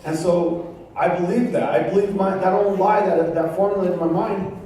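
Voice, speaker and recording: A man's voice: sits high, fairly even intonation, normal speed, mellow, slight background noise. Man preaching a testimony in an echoey church. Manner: storytelling with acted-out voices and street slang. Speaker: guest pastor. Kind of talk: testimony sermon. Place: church sanctuary. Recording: echoey room from a far mic with faint ambience.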